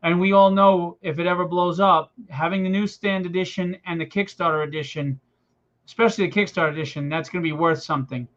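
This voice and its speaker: A man's voice: high voice, steady tone, fast, fairly bright tone. A man hosting a live launch stream, chatting casually and encouraging viewers. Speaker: livestream host. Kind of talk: casual promotional chat. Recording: dull lo-fi stream audio.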